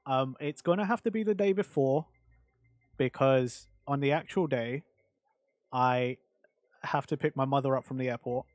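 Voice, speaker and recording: A man's voice: mid-range voice, normal speed, pauses often, no echo. A male streamer chatting casually on a livestream, rambling and answering chat with lots of fillers.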